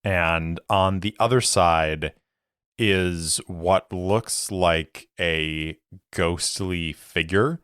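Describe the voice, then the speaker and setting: A man narrating a solo tabletop game as its game master, with calm, deliberate storytelling. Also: deep voice, clean tone, dry recording, studio quality.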